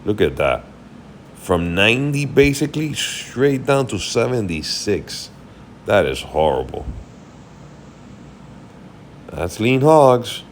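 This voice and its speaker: Tired, rambling low-voiced man. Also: very animated, slow, pauses often, slight background noise. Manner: rambling, thinks aloud while checking charts. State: tired, yawning. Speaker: market commentary host. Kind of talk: casual market recap.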